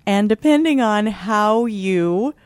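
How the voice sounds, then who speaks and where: A woman's voice: mid-range voice, animated, slow, no echo. A woman hosting a talk radio show, upbeat and chatty, laughing easily.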